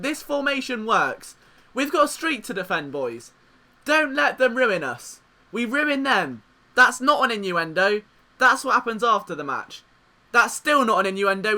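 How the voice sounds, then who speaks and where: Excitable young gamer, high bright voice. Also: male voice. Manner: excitable, jokey, swings from despair to cheering. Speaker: gaming commentator. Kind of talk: let's play commentary.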